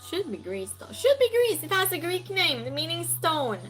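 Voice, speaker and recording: A woman's voice: high voice, big pitch swings, unhurried, pushed and bright, faint music behind, poor audio. A woman hosting a trivia game on a live stream, chatting casually and reading out and answering viewers' messages. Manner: chatty, reads chat aloud and answers viewers.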